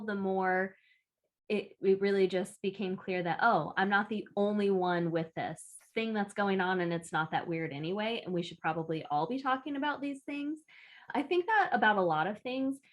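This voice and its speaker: A woman in her late thirties co-hosting a podcast, talking in an earnest, reflective way. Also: mid-range voice. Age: 30s. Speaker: podcast co-host. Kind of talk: casual chat.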